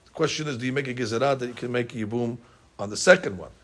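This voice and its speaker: A man teaching a Talmud study class in quick, halting English full of Hebrew and Aramaic terms, often repeating words. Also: mid-range voice.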